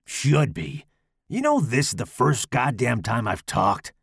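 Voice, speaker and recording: A hulking, deformed slasher villain, voiced by a man, sneers through a rough, gravelly growl that swings between low menace and crude mockery. His speech rises and falls widely, and the audio is close and dry. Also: huge pitch swings, unhurried, fairly bright tone, no room sound, full character voice. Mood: menacing, crude. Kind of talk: audiobook character voice.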